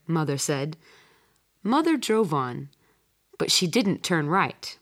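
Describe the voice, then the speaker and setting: A woman narrating a listening-comprehension exam with slow, clearly spoken scripted reading. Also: low-pitched, big pitch swings. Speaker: test narrator.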